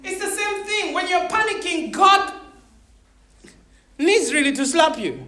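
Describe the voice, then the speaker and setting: A woman in her thirties preaching a sermon, animated and laughing often, checking in with her listeners and repeating words as she thinks. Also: very high-pitched, unhurried. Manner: repeats words when searching for them.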